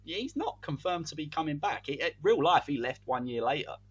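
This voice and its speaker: A man with a slightly husky voice co-hosts a casual podcast, spinning an imagined football season as if commentating it live. His pitch swings widely as he builds the story, animated and playful. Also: brisk. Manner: animated, spins a hypothetical tale like match commentary. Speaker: podcast co-host.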